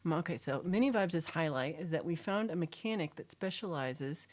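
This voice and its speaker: A woman from Texas hosting a casual livestream chat, reading viewer comments in a chatty, animated way and sometimes dropping to a whisper. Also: low-pitched, normal speed. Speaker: livestream host.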